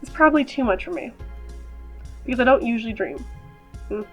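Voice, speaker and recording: A woman's voice: on the high side, lively intonation, brisk, faint music behind, poor audio. A woman hosting a gaming video, reading the game's text aloud and breaking off for chatty, joking asides. Her voice sounds slightly off, as if just over a cold. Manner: playful, chatty asides between read-out passages. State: voice slightly off after a recent cold.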